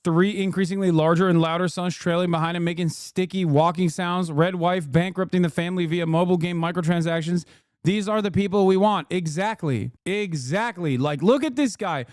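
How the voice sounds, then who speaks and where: A man's voice: high voice, brisk, darkish tone, clear, resonant tone, no echo, studio quality. A man in his thirties streaming live political commentary, mocking and profane, with lots of animation.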